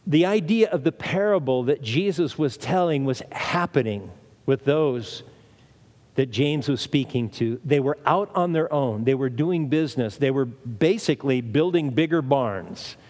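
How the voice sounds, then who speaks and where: A man's voice: mid-range voice, expressive, unhurried, a little mellow. A man preaching a sermon in an emphatic way, repeating phrases and asking rhetorical questions. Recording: long reverb of a large hall.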